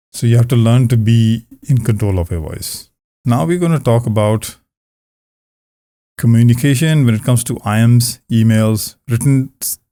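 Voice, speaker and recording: A man coaching on communication skills, talking calmly to the camera in a relaxed, conversational way with frequent restarts. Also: fairly low pitch, dry recording. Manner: calm, conversational, many restarts. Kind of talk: casual talk to camera. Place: indoors, close to camera. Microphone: camera about two arm lengths away.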